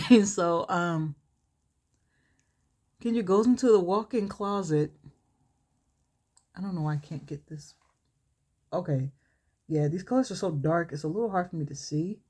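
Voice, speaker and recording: A woman vlogger reading her own short story aloud in a relaxed way while doing her makeup, chuckling and stopping to comment on it. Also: fairly low pitch, measured pace, pauses often. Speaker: vlogger and author.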